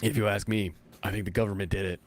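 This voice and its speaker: Speaking fast, a man hosts a casual livestream, reading viewer comments and chatting in a rambling, animated way. He laughs a lot, and his voice jumps up high whenever he gets excited.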